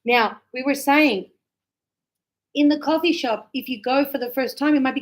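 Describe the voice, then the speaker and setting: Animated woman teaching English, slightly high. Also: normal speed. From Australia. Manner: animated, acts out short quoted exchanges. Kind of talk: casual classroom explanation.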